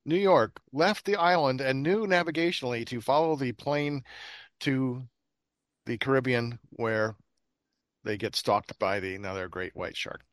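A man's voice: mid-range voice, measured pace, no room sound. A man hosting a casual podcast chat about bad movies, rambling with lots of fillers. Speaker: podcast host.

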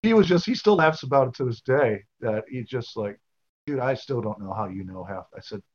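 A man's voice: medium pitch, animated, fairly quick, a little mellow, muffled recording, a little hiss or hum. A man co-hosting a casual podcast chat, telling loose anecdotes with many fillers. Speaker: podcast co-host.

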